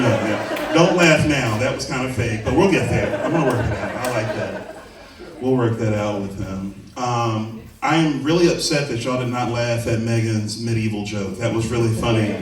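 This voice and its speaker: Profane rambling male stand-up comic. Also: medium pitch. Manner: rambling, profane, self-deprecating, crowd work. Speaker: stand-up comedian, trivia host. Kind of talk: stand-up comedy set. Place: comedy venue with a live audience. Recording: roomy venue mic from a distance, crowd noise. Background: audience laughter.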